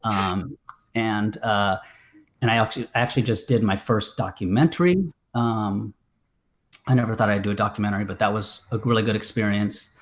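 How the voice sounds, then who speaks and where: Low guy rambling on a video call, lots of ums and restarts. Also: steady tone, a little fast. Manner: rambling, many fillers and restarts. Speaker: filmmaker guest. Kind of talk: casual interview chat.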